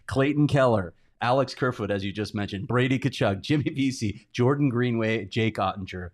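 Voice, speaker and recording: A man's voice: mid-range voice, moderate pace. A man hosting a sports talk show, asking easygoing questions with light laughs. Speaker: show host.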